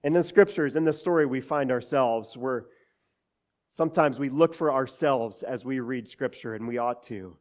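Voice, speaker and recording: A man's voice: medium pitch, normal speed, a little mellow. A man preaching a sermon, talking to the congregation as church and dropping joking asides between scripture readings. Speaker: pastor.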